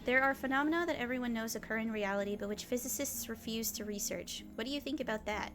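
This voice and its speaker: A woman's voice: on the high side, fast talker, fairly bright tone, faint music behind, natural voice. A woman voicing a theatrical young male mad scientist in a visual novel. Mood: arguing. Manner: theatrical, grandiose. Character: eccentric self-styled mad scientist, young man.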